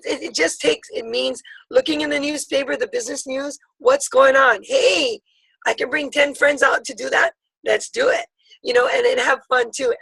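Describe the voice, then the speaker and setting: Woman, 50s, motivational speaker; husky, lively swoops, dry sound. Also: high voice, no echo, low-quality recording. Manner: passionate, rapid storytelling. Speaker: network marketing speaker. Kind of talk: motivational talk on a call.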